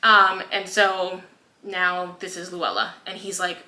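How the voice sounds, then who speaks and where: A woman chats casually on a podcast, retelling scenes and slipping into the characters' voices, with plenty of "like" and "um". Her voice is bright and lively, recorded in an echoey room. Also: fairly low pitch, takes it slowly. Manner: swears casually, fillers like "um" and "like". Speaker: podcast co-host. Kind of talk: casual book review chat.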